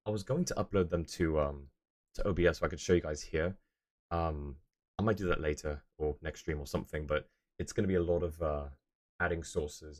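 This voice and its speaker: A man's voice: deep voice, darkish tone. A young man streaming live, chatting casually and rambling as he answers his viewers' messages.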